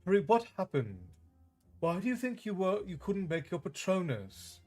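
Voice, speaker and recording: A man reading aloud, putting on the voice of a brisk, impatient teenage witch girl who sounds urgent and bossy. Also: sits high, sing-song, darkish tone, faint music behind, voice pushed up. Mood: insistent.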